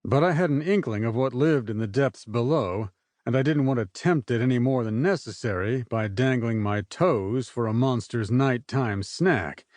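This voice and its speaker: A man reads a first-person adventure novel aloud, his pace unhurried and measured. His voice sits at an everyday pitch. The recording is dry and close-miked, with no room sound. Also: darkish tone, no room sound. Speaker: audiobook narrator. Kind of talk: first-person scripted narration.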